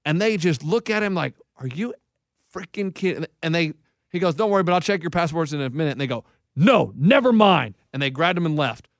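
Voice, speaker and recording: A man's voice: a little high, quick pace, no echo, studio quality. Man telling rambling stories. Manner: rambling anecdotes with restarts. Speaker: podcast co-host. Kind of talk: casual chat, storytelling.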